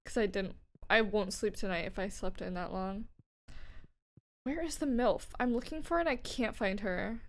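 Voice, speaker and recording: A tired woman streaming a game and chatting casually with a friend, playful and teasing with quick laughs. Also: mid-range voice. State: tired, low energy. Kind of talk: casual gaming chat.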